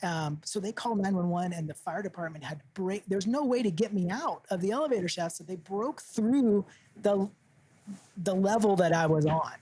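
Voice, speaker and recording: A man's voice: sits high, normal speed, mellow. A man co-hosting a podcast, telling a story in a casual, self-deprecating way and laughing through it. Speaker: podcast co-host.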